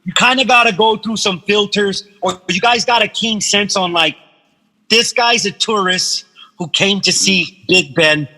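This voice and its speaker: A man from Guam, a podcast guest, telling animated stories in casual chat, swearing freely and acting out the voices of people he quotes. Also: high voice, a little slow, long reverb tail, rough recording.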